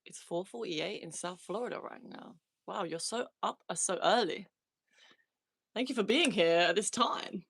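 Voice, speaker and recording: A woman's voice: medium pitch, expressive, normal speed, vocal fry, a bit bright, breathy edge, dry recording. A woman in her thirties hosting a casual live chat from a small converted shed, reading viewer comments aloud and laughing often. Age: 30s. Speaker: livestream host.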